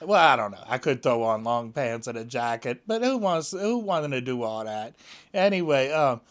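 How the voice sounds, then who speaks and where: A man's voice: mid-range voice, sing-song, normal speed. A man vlogging casually at home, rambling with lots of fillers and restarts. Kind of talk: casual chat to camera.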